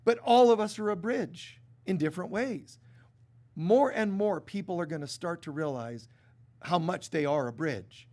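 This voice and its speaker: High-voiced man preaching conversationally. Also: moderate pace. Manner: conversational and animated, with many restarts and acted-out quotes. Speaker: spiritual teacher. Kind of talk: sermon. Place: stage before a live congregation.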